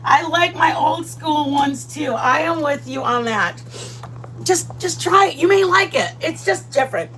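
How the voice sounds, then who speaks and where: A woman hosting a casual cooking livestream from her home kitchen, chatty and playful, greeting viewers by name with loud excited bursts. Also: high-pitched, measured pace, a little hiss or hum, rough recording.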